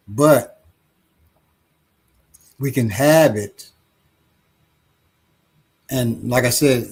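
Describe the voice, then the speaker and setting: A man, an author, answering interview questions slowly and thoughtfully, often repeating words as he thinks, with a husky voice. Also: medium pitch. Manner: acts out quoted voices in playful anecdotes.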